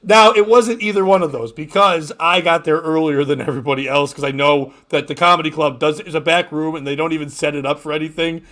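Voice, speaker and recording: A man's voice: a little high, fairly even intonation, a little fast, hardly any pauses, fairly bright tone. A man hosting a comedy podcast, telling a rambling story in casual chat, laughing often and acting out what people said.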